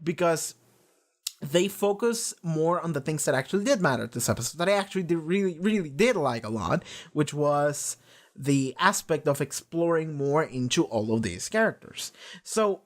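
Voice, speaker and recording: A man with a somewhat high voice talks loosely about a show as a reaction video host. He rambles, restarts his thoughts mid-sentence and swears freely in a casual, unscripted way. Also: expressive, moderate pace. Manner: rambling, profane, lots of restarts. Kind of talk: casual rambling episode discussion.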